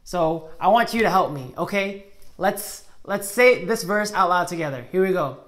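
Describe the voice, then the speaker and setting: A woman's voice: fairly low pitch, animated, moderate pace, fairly bright tone. A woman teaching children a Bible memory verse in an upbeat, encouraging way, acting playfully exasperated at a helper. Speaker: Sunday school teacher.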